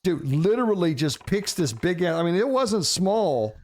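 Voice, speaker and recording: A man telling a wild story in a casual, animated, swearing style, often laughing. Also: high-pitched, unhurried.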